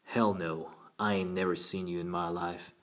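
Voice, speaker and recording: A man's voice: low-pitched, lively intonation, measured pace, a bit bright. A man voicing a sullen, arrogant sixteen-year-old boy who answers curtly and with hostility. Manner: curt and hostile.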